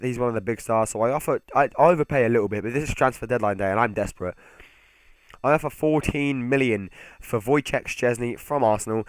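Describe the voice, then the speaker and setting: A man talks through his gameplay in a casual, chatty way, speaking straight to his viewers. His voice sits in an ordinary middle pitch. The sound is close and dry, with no room echo. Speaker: gaming channel host.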